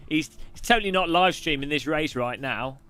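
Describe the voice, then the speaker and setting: A man's voice: a little high, measured pace, pushed and bright, smooth, faint music behind. A man from the UK hosting a live stream, answering questions while racing, with joking, irreverent chatter.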